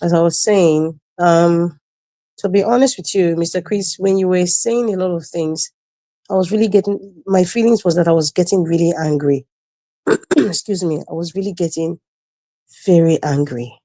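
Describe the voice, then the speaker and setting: A woman's voice: lowish voice, normal speed, warm tone, dry recording. A woman with a Nigerian accent speaking as a panelist on a video call, giving impassioned political commentary, indignant and emphatic, repeating her phrases.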